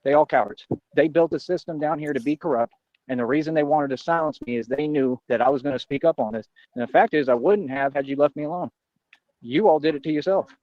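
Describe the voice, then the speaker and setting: A man rattles off a brash, confrontational rant at a quick clip, bragging and jumping from one grievance to the next. His voice is close and dry with no room around it. The stream audio sounds dull and lo-fi. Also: on the high side, no echo. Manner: boastful, confrontational, rambling. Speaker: livestreamer. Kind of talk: ranting monologue on a livestream.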